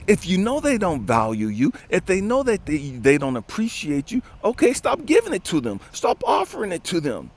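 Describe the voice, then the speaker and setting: A man's voice: sits high, huge pitch swings, moderate pace, creaky, hardly any pauses. A man coaching and ranting outdoors in the wind, telling a story in a blunt, profane, preachy way. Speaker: life coach. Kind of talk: motivational rant.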